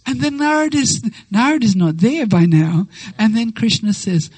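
A woman giving a devotional talk, telling a sacred story with lively acted-out quotes and slow, reverent phrasing. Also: on the high side, slightly rough, dry recording, low-quality recording. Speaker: devotional speaker.

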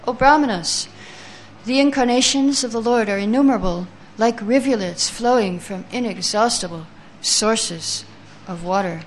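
A woman teaching a scripture class who chants verses slowly, then reads the translations and explains them, taking answers from her listeners. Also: fairly high pitch, slight background noise.

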